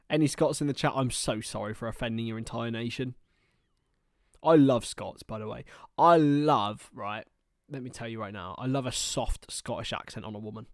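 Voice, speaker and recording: Young male streamer, twenties, chatty and excitable, close dry mic, mid-range voice. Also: medium pitch, dry recording. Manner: chatty, excitable, laughs often. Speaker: streamer and commentator. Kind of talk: casual live football watchalong commentary.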